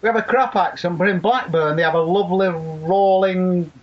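A man's voice: sits high, moderate pace. A man with a Lancashire accent chatting on a podcast, rambling and swearing constantly. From Leigh, near Wigan, England. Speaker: podcast guest. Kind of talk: casual chat on a podcast. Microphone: laptop internal mic. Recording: dull lo-fi laptop mic.

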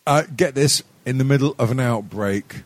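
A man's voice: medium pitch, moderate pace. A young man co-hosting a podcast, telling stories in a rambling, sweary way, full of stammered restarts and laughing at his own jokes. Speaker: podcast co-host. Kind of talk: casual sweary chat.

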